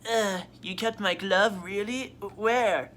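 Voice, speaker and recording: A man's voice: high-pitched, slow, bright, forceful tone, a little hiss or hum, pitched above the performer's own voice, heavily acted. A man voicing a wistful, lovesick young male rival in a melodramatic, pleading tone. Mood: yearning.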